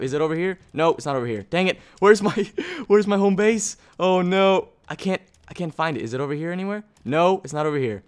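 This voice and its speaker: A man giving excitable gameplay commentary, chatting to the things he finds as if they were friends. His voice sits a little high and sounds smooth and clear. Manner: excitable, talks to objects in the game. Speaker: gaming video host.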